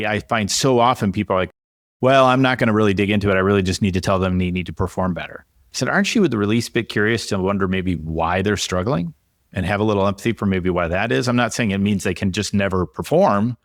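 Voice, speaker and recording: Lower-voiced man hosting a podcast. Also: no room sound, studio quality. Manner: reflective and conversational, asks long questions. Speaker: podcast host and leadership coach. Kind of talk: casual interview conversation.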